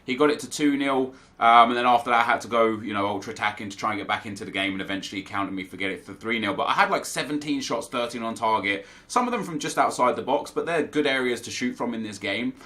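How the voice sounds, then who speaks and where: Bright-voiced young gaming commentator. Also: male voice, medium pitch, fast, few pauses. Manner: chatty, upbeat, recapping matches to viewers. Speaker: gaming YouTuber. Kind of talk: casual gameplay commentary.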